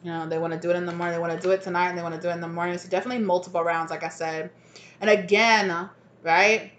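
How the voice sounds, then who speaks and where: A woman's voice: lowish voice, steady tone, quick pace. A woman giving a casual tarot card reading at home, talking frankly and often laughing as she goes. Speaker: tarot reader.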